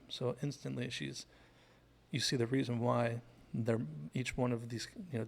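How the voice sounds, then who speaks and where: A man's voice: medium pitch, gravelly, darkish tone. A man casually retelling a TV episode scene by scene, loosely acting out the characters' lines with many fillers. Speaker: show host.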